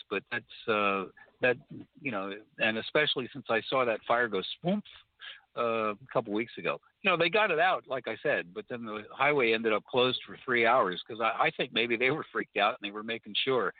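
A man chatting as a guest on a talk show, talking haltingly with many restarts. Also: mid-range voice, no room sound. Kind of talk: casual talk-radio conversation. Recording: tinny phone-like line, dry.

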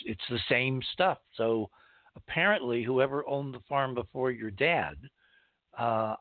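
A man's voice: medium pitch, no room sound, phone-quality sound. A man hosting a talk show, interviewing a caller and explaining ideas in a conversational way. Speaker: host.

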